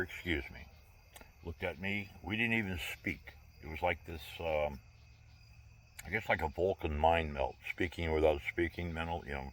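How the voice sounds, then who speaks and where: Very deep-voiced man in his sixties. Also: a bit bright, a little hiss or hum. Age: 60s. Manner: candid, rambling, with wry humor. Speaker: vlogger. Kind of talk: casual personal storytelling.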